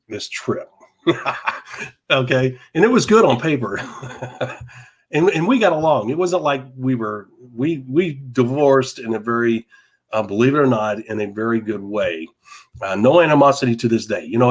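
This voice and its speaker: A man with a mid-pitched everyday voice tells a rambling anecdote on a live talk show. He gets animated, laughs through his lines and trips over his words. His tone stays casual and chatty. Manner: animated, laughing, repeats words, mild cursing. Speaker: podcast co-host. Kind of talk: casual storytelling chat.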